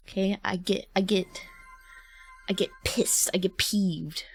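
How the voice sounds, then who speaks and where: A woman's voice: mid-range voice, fairly even intonation, measured pace, husky, no echo, faint music behind. A woman streamer chatting casually with viewers, rambling and laughing often. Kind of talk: casual livestream chat.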